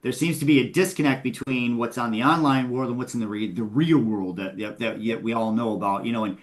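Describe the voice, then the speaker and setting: A man's voice: mid-range voice, steady tone, fairly quick. Fired-up, profane male band guest. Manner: fired-up, profane, repeats phrases. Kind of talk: casual podcast chat.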